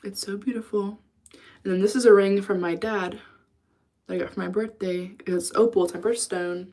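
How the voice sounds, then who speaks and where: A woman's voice: medium pitch, fairly even intonation, moderate pace, dark tone. A young woman chatting casually on a livestream, venting, swearing freely and answering chat.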